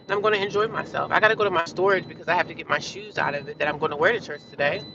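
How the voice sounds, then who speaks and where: A woman's voice: on the low side, rapid-fire, gravelly, highs cut off, background noise. A woman from New Jersey live-streaming, bluntly ranting at trolls and chatting casually with viewers.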